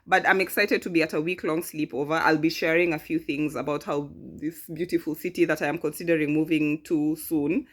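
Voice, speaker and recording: A woman in her thirties with a fairly low voice talks casually to her camera and a friend. She is animated and keeps repeating her friend's lines for emphasis. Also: fairly quick, few pauses. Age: 30s. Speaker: vlogger. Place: in bed indoors.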